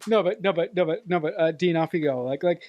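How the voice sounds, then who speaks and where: A woman's voice: lowish voice, fast talker, no room sound, lo-fi sound. A woman co-hosting a movie podcast, chatting casually with many restarts and repeated words. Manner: hesitant, repeats words, laughs often. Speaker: podcast co-host. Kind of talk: casual movie review chat.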